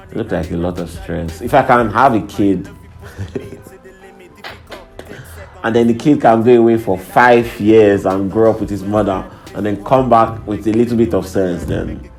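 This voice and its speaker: A man's voice: lowish voice, creaky, darkish tone. A young man hosting a profane, irreverent comedic monologue, laughing between lines. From Nigeria. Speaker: host. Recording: faint background music.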